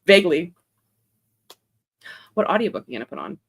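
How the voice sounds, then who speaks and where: A woman's voice: on the low side, big pitch swings, a little fast, vocal fry. A young woman hosting a casual chat stream, rambling in a chatty way and laughing often. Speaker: author and livestream host.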